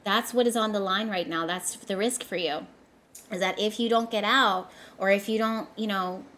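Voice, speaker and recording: A woman's voice: mid-range voice, fairly even intonation, normal speed, fairly bright tone. A woman giving a casual tarot reading straight to her viewers, talking emphatically and often repeating herself for effect. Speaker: tarot reader.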